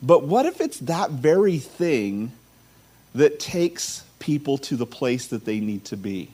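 A man's voice: mid-range voice, big pitch swings, slow pace, mellow, breathy edge. A man, a teaching pastor, reading scripture, praying and telling a story in a conversational sermon, often repeating words and restarting. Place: church sanctuary.

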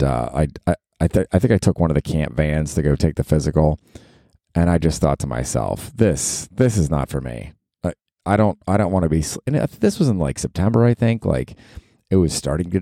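A man in his forties from Florida telling a story on his podcast, casual and profane, jumping into high exasperated outbursts. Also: dry recording, clean studio sound. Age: 40s. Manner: animated, swearing, swooping up into high exasperated outbursts. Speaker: podcast host.

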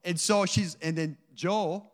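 Speaking slowly in a high voice with fairly even intonation, a male guest speaker gives an emotional, earnest testimony to a church audience. He weaves many asides into his story, and the sound is that of a large hall.

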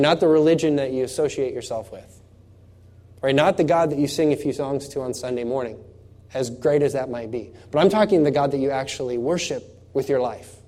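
A man preaching a sermon in a conversational way, asking the congregation rhetorical questions and moving between loud emphatic scripture reading and soft, low asides. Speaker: pastor.

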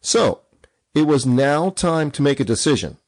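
A man's voice: a little high, lively intonation, measured pace, dry recording. Emphatic man coaching with numbered points. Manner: emphatic, punches numbered points, asks listeners questions. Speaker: real estate coach and podcast host. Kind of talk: instructive podcast monologue.

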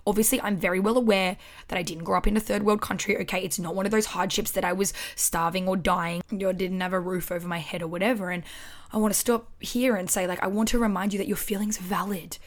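Quick-paced with fairly even intonation, this Australian woman in her twenties hosts her own podcast from home on a microphone. In a casual monologue, her mid-range voice stays candid and expressive, and she swears freely.

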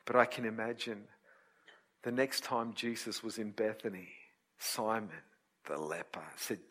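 A man preaching a sermon, telling a Bible story with lively acted-out voices and dropping to a quiet, low tone to explain scripture. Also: measured pace.

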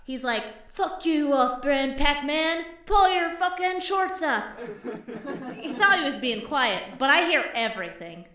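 A woman's voice: high voice, animated, measured pace, recorded from a distance, crowd noise. A woman playing a quirky comedian who lives in the vents, rambling through a stand-up set with giggles. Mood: amused. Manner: rambling, giggly, puts on voices in anecdotes. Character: quirky vent-dwelling comedian, chatty and odd. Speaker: stand-up comic and co-host. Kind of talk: audio drama stand-up monologue. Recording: roomy, from off-mic.

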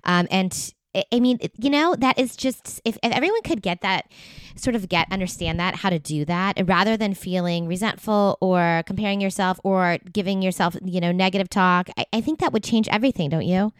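A woman hosting a podcast interview, encouraging and affirming her guest, often pausing with "um" and "you know.". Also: mid-range voice, smooth, no echo, studio quality. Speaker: podcast host. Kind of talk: conversational interview.

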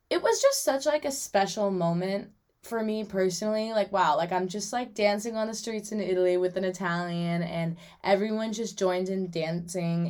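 A young woman hosting her own podcast, chatting casually and animatedly about her weekends, with lots of "like" and quick asides. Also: mid-range voice, darkish tone. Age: young adult. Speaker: podcast host. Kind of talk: casual solo podcast chat.

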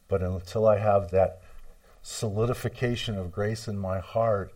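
Low-voiced, mellow preacher man. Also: unhurried. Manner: varies loudness for emphasis, repeats key words; retells a story acting out voices in quotes. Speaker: pastor. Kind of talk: sermon.

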